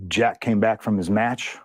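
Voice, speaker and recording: Male interview guest, lower register, candid and cussing, narrates a dispute with quoted back-and-forth. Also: a bit bright, dry recording. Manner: profane, heated retelling with lots of quoted dialogue. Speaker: interview guest, pro wrestler. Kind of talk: candid storytelling in a long-form interview.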